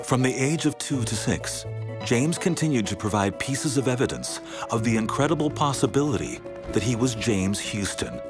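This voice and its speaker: A man giving measured, dramatic scripted narration for a documentary. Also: medium pitch, sing-song. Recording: music bed underneath.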